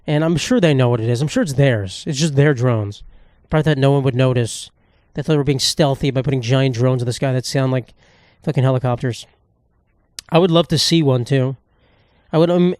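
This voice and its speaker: A man's voice: medium pitch, fairly quick, a little mellow, no room sound. Young man, 20s, podcast host, profane, sarcastic, rambling, dry close sound. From United States. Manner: profane, rambling, sarcastic, with sudden jumps into silly put-on voices. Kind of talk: solo comedic podcast rant.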